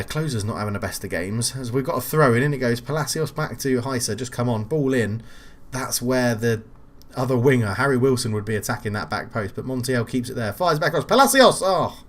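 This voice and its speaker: A young man commentating on his own football management game, casual and quick to rant and swear when frustrated. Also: medium pitch. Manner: exasperated, ranting at the game, swears. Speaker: gaming channel host.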